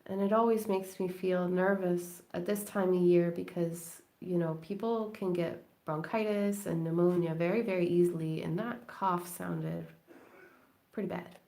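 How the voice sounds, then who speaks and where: Brief: woman live-stream crafting host, lowish creaky voice, chatty and rambling, laughs often. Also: steady tone, measured pace, warm tone. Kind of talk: late-night casual chat while crafting. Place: at home indoors.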